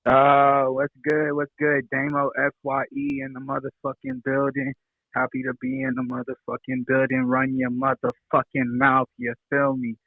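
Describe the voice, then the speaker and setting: Laid-back rapper on a phone line. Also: male voice, medium pitch, completely flat delivery, normal speed, dry recording. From Kansas City, Missouri. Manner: laid-back, rambling, lots of fillers and laughs. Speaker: rapper guest. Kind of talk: casual interview chat.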